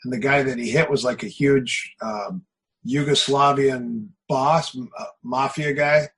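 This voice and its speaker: Husky-voiced martial arts coach talking. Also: male voice, medium pitch, unhurried, rough recording. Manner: animated, repeats phrases for emphasis, tells anecdotes. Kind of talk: casual interview talk.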